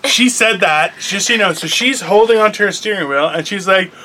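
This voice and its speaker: A man with a bright, somewhat high voice hosts a loose, joking chat recorded in a car. He rambles through stories with plenty of swearing and offhand asides. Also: brisk, hardly any pauses. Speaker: podcast host. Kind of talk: casual chat.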